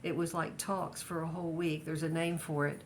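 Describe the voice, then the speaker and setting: Hesitant older woman, low voice. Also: flat delivery, moderate pace, a little hiss or hum. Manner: hesitant, many restarts and fillers. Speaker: interviewee. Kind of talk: casual family interview.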